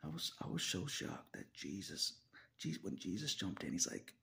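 Deep gravelly man, laughing and whispering. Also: huge pitch swings, moderate pace, pushed and bright. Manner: laughs often between phrases, swears, drops into whispers. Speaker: video blogger. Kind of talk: casual confessional monologue.

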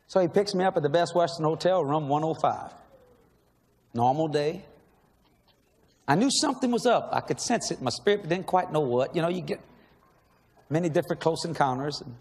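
Animated high-voiced man preaching in a hall. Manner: animated storyteller, laughing, shouting at peaks. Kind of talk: sermon storytelling. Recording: long reverb in a large hall, faint noise.

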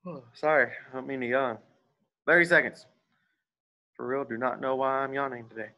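A man leads a martial arts warm-up, calling out the exercises with steady encouragement. His voice sits at a middling pitch, and between drills he slips into relaxed, offhand remarks. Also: fast talker, muffled recording. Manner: coaching, encouraging, casual asides. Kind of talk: leading an online warm-up class.

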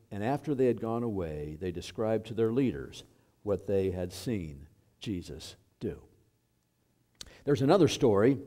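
A man preaching a sermon as pastor, unhurried and filling pauses with small hesitations. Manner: unhurried and lively in pitch, with fillers. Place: church sanctuary.

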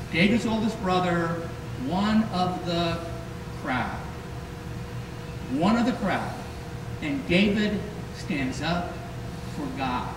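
Male preacher, unhurried, lively storytelling delivery; distant noisy mic in a reverberant room. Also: high voice. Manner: lively storytelling, acting out quoted voices. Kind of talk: sermon. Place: church sanctuary. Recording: echoey hall from far off, noisy.

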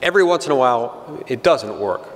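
A man's voice: medium pitch, lively intonation, a little fast. A middle-aged man giving a public speech, telling a story with dry, self-deprecating humor. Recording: long hall reverb.

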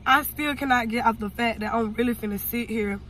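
A woman's voice: fairly high pitch, a little fast, a bit bright, slight background noise. A young woman vlogging casually from a car, talking in a profane, brash, rambling way. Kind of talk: casual vlog rant.

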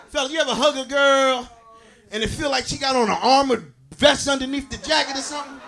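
A man with a Brooklyn, New York accent doing a stand-up comedy set, telling stories loudly and laughing along as he works the crowd on stage. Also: very high-pitched, gravelly. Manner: loud, laughing, crowd-working storytelling. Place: comedy stage before a live audience. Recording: faint crowd noise in the room.

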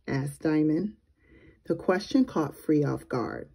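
A woman teacher reads a children's chapter book aloud in a gentle, measured way. Her voice sits low and moves slowly. It has a warm, mellow, breathy softness. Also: expressive.

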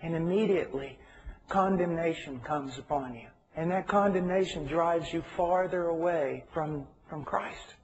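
High-voiced man preaching earnestly. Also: unhurried, a little mellow. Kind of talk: sermon. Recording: dull lo-fi recording.

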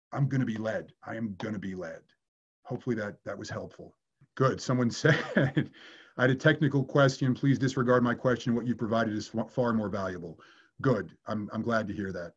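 A man's voice: mid-range voice, breathy edge, dull audio. A man working as an acting coach, answering viewer questions in a candid way and swearing casually.

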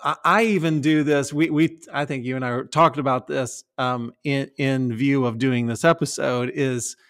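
A middle-aged man talking on a podcast in a lively, casual way, laughing often and slipping into silly voices. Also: medium pitch, normal speed. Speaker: podcast host.

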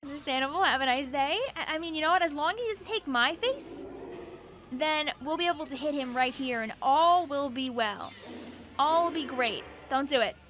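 A woman hosts a gaming channel with excitable, joking let's-play commentary, even talking to the characters on screen. Her voice is high-pitched and her pace moderate, with music playing in the background.

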